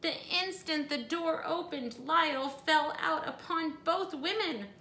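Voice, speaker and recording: A woman reading a children's storybook aloud with expressive, animated delivery and playful asides. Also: high voice, measured pace, a little hiss or hum. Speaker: storybook reader. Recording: echoey room, faint ambience.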